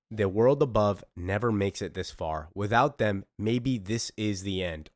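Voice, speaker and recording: A man's voice: on the low side, no echo, clean studio sound, close to an everyday voice. A man reading as a grieving witch mother.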